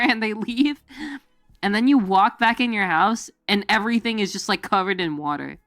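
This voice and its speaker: A woman's voice: medium pitch, animated, normal speed, fairly bright tone, dry recording. Rambling, giggly streamer woman, dry sound. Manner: rambling, filler-heavy, giggly, jumps into goofy quoted voices. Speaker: VTuber streamer. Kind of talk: casual chat to stream viewers. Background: faint background music.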